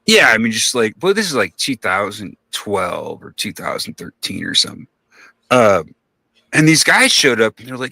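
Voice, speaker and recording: A man tells a story in loose, rambling podcast talk, swearing freely and bouncing into other people's voices when he quotes them. His voice sounds bright, and the close mic makes it dry, with no room sound. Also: mid-range voice, big pitch swings, normal speed, gravelly, dry recording.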